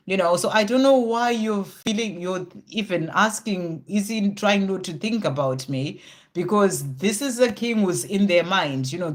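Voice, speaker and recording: Live tarot reader, middle-pitched, reassuring, chatty fillers, thinks aloud between cards. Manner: reassuring, talks straight to the viewer with many "you know" fillers. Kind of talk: live card reading with viewers.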